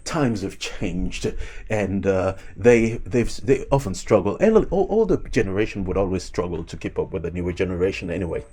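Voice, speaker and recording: A man's voice: low voice, very animated, moderate pace, warm tone, husky. A man hosting a video, talking in a rambling way with frequent fillers and false starts. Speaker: video host. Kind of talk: casual commentary.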